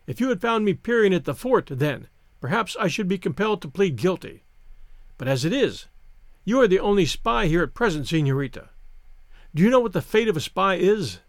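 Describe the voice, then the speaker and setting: A man's voice: sits high, sing-song, brisk, dry recording, studio quality. A man reading an audiobook, voicing a gallant, teasing young English soldier who is smitten with his captive. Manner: playful, gallant.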